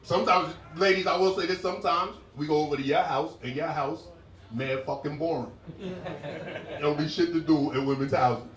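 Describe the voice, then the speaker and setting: A man doing a stand-up set, animated and jumping into high-pitched impressions of women, with crowd work. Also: moderate pace. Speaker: stand-up comedian. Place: comedy club stage. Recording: roomy live club sound heard from a distance. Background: laughing audience.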